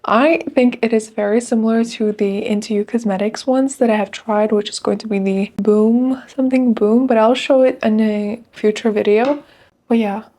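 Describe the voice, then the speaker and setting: Chatty woman with a mellow voice. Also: medium pitch. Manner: chatty, enthusiastic, addresses viewers directly. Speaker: beauty vlogger. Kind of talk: casual makeup review talk.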